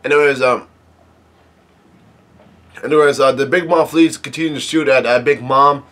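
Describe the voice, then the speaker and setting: A man casually reading a comic chapter aloud, halting and often correcting himself. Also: mid-range voice, steady tone, fairly bright tone. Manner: halting, with many restarts and self-corrections. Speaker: manga reader and video host.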